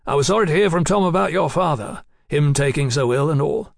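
A man's voice: on the high side, expressive, brisk, gravelly, no echo, clean studio sound, voice pushed up. A man voicing a cheerful, practical male engineer in an audiobook, talking heartily. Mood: hearty.

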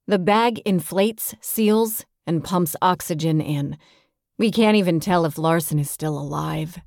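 A woman reading a first-person audiobook with steady, tense storytelling. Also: fairly low pitch, measured pace, creaky, no echo, studio quality. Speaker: audiobook narrator.

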